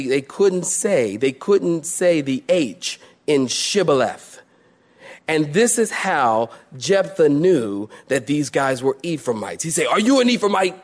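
Animated preaching man, fairly high voice. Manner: animated, laughs while preaching, acts out quoted voices. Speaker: pastor. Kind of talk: sermon.

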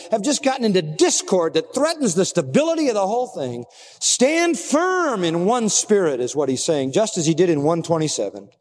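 A man preaching from the pulpit with a high, bright pitch, his voice trailing off in a long hall reverb. He speaks emphatically, pressing his listeners with rhetorical questions. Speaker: pastor. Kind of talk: sermon.

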